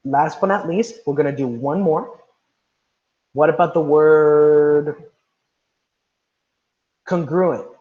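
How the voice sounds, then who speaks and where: A man's voice: a little high, slow pace, long pauses. Man teaching an online class, lo-fi sound. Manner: encouraging, calls on students by name. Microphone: video call.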